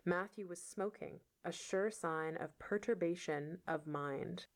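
A woman reading a novel aloud as a teacher, pausing for patient explanations of words. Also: lowish voice. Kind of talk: read-aloud lesson explaining vocabulary.

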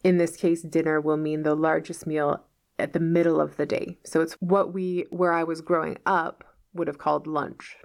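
A woman's voice: low voice, level tone, moderate pace, creaky, darkish tone. A woman teaching English, patiently explaining old words from a novel step by step and checking in with the listener.

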